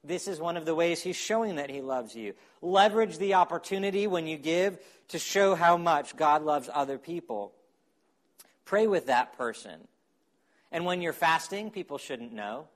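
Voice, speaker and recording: Guy preaching a sermon, kinda high voice, gets loud then goes quiet for asides. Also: normal speed. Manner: animated preaching, acts out quotes, drops to quiet asides. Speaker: pastor.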